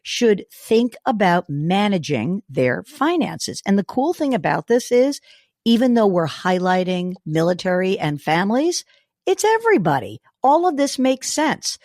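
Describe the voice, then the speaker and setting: Woman, host, hoarse from a cold, chatty, animated pitch, dry sound. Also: unhurried, no echo. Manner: lively, chatty, laughs easily. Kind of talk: interviewing a guest.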